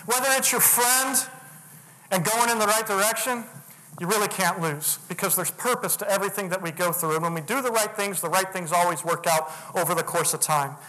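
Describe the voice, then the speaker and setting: Man, motivational speaker, high voice, bright tone, earnest storytelling, animated retellings. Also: fairly quick, low-quality recording.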